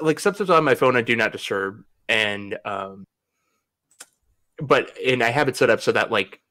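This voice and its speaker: A man's voice: medium pitch, pushed and bright. Young man, casual podcast chat, rambling, laughs a lot, swears. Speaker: podcast host.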